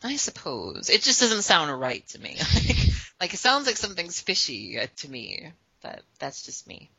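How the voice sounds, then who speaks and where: A woman co-host with a low but bright voice chats in a loose, animated way, laughing easily as she talks. Her pitch swings widely. The sound is dry and dull, like a lo-fi call recording. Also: normal speed, gravelly, breathy edge, no echo. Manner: chatty, animated, laughs often. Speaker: podcast co-host. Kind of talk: casual chat. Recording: dull lo-fi phone-call audio.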